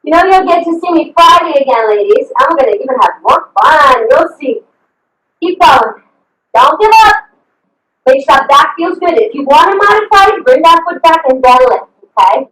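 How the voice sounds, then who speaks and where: A woman's voice: sits high, expressive, normal speed, a bit bright. A woman fitness coach leading a live online workout, upbeat and encouraging, cheering her class on with whoops over a video call. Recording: echoey video call from a distant mic.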